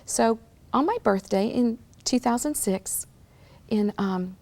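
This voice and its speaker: A woman in her sixties, a guest telling her personal story in an interview, earnest and slowing into a breathy near-whisper on emotional words. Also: fairly high pitch, expressive, darkish tone.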